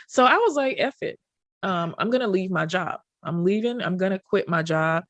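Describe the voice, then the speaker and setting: A woman hosting a podcast, chatting casually and telling a story with lively voiced quotes. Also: on the low side, normal speed, no room sound. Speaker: podcast host. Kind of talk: casual chat.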